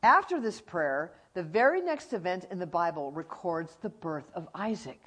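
A woman's voice: on the low side, lively intonation, normal speed, fairly bright tone, husky. A middle-aged woman teaching from the Bible, telling stories with energy and acting out animals and friends.

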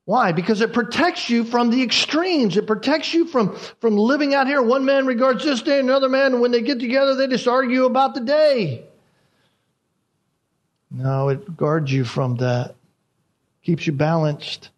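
A man preaching an expository sermon as pastor. He talks in a deliberate way and repeats key phrases for emphasis. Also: very high-pitched, muffled recording.

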